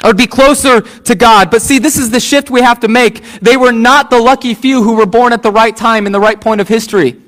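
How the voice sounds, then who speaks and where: A pastor preaching a sermon, using repeated phrases and asking the congregation questions. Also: male voice, extremely high pitch, fairly even intonation, fairly quick, a bit bright.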